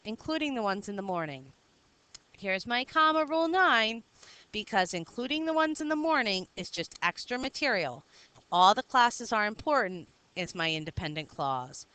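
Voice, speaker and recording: Woman teacher walking thru comma rules, bouncy pitch, crisp clear voice, patient step by step. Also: pushed and bright, dry recording, low-quality recording. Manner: patient, step-by-step explaining with check-in questions. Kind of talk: recorded grammar lesson with screen writing.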